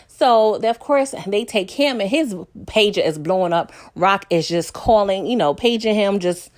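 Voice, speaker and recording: A woman chatting casually to her viewers in an episode recap, animated and quick to laugh, leaping up in pitch as she acts out lines. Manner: animated, laughs often, jumps up in pitch when acting out lines; talks straight to viewers.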